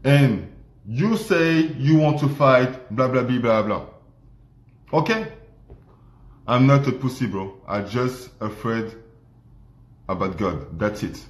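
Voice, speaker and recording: Slow, emphatic man in a roomy echo. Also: mid-range voice, animated. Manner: emphatic, repetitive, non-native English. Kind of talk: livestream rant.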